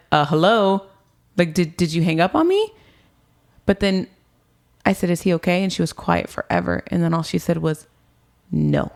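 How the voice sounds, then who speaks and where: A young woman in her twenties, with a low, creaky voice, casually relates her story to an interviewer. She uses "like" and "um" often and imitates the dialogue of people from her past.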